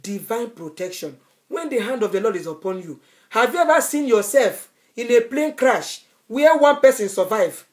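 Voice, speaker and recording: A woman evangelist preaching a sermon, fervent and repeating her phrases for emphasis. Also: fairly high pitch. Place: Europe.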